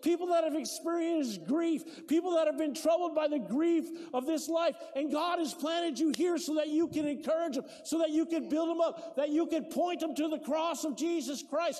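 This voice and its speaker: High voiced guy preaching, big swings loud to soft, church echo all around. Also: moderate pace, few pauses. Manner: impassioned, swings from loud preaching to quiet storytelling. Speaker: pastor. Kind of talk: sermon.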